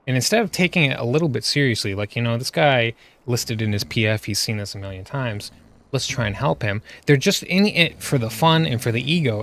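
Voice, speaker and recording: A man's voice: mid-range voice, fairly bright tone. A man giving exasperated, ranting commentary over gameplay footage, full of rhetorical questions. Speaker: gaming video creator.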